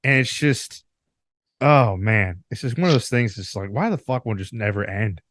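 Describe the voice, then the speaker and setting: A man's voice: lowish voice, animated, normal speed. A man hosting a podcast, talking loosely with lots of fillers and some swearing. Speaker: podcast host. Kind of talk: casual podcast chat. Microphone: remote call mic.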